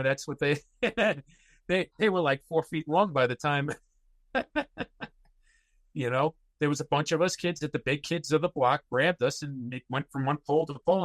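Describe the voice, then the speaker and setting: A man's voice: fairly high pitch, a bit bright, no room sound. A man guest on a podcast, telling personal stories in a rambling way with many fillers and restarts. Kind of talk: casual interview storytelling.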